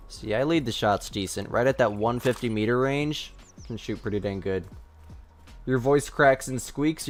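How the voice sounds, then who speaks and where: A man streaming a hunting game live, chatting casually and scolding his dog between shots. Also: mid-range voice.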